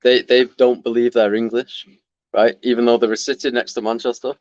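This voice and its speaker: A man's voice: medium pitch, level tone, brisk, a little mellow, no echo, muffled recording. A man from the United Kingdom, chatting as a guest on a live stream, telling stories bluntly and swearing freely. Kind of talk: casual chat as a guest.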